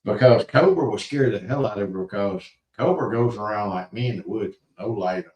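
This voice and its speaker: Middle-aged male co-host, rambling storyteller, low voice, distant and roomy. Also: brisk, darkish tone, lo-fi sound. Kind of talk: casual storytelling chat.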